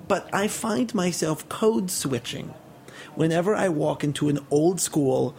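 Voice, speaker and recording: An animated Brooklyn-born man in his thirties, talking as a guest on a casual podcast. His voice sits fairly high for a man and has a gravelly, creaky edge. He tells stories with gusto and keeps switching into put-on voices for quotes. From Brooklyn, New York. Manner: animated storyteller, slips into exaggerated New York voices for quotes. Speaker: tour guide, podcast guest.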